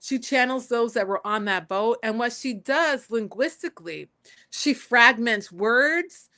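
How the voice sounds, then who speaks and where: Bright-voiced woman telling stories. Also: on the high side, lively intonation, a little slow. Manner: storytelling, acting out quoted voices. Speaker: poet and scholar guest. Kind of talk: conversational interview answers. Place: home in Puerto Rico.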